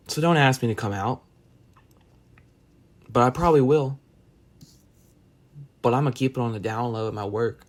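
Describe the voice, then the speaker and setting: A man's voice: medium pitch, moderate pace, long pauses. Male solo podcast host, casual ranting delivery, rambling and profane, wry.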